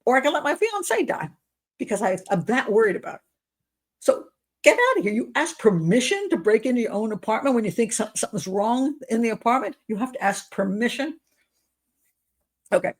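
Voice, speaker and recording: A woman's voice: on the high side, very animated, fairly quick. A woman giving commentary as a criminal profiler, sarcastic and incredulous as she talks.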